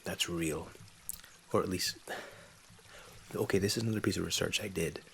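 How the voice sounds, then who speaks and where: A very low, gravelly man in his thirties, from England and raised in Scotland, answering viewer questions in soft-spoken ASMR. He keeps his voice hushed and easygoing, often sliding into whispers, close to a condenser mic at home. His voice has a heavy, creaky fry. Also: steady tone, normal speed, a little hiss or hum. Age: 30s. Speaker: ASMR channel host. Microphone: USB condenser mic.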